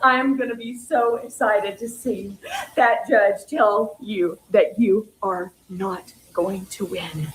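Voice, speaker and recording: A woman's voice: a little high, slight background noise, poor audio. A woman playing a bitter, scorned woman in a comedy skit, taunting and laughing scornfully between jabs.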